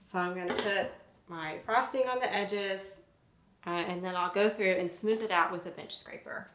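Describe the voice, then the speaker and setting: A bubbly woman talks through a recipe while she works, chatty and quick to laugh. Her voice sits at an ordinary pitch, and the kitchen gives it a noticeable roomy echo. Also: fairly bright tone. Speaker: recipe vlogger. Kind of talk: casual cooking demonstration.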